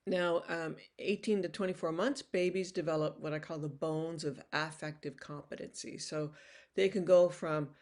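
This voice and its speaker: A woman's voice: low-pitched, steady tone, moderate pace, a little mellow. An older woman giving a recorded lecture in a casual, conversational way, often restarting phrases and slipping in "you know.". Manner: acts out toddlers' voices when quoting them.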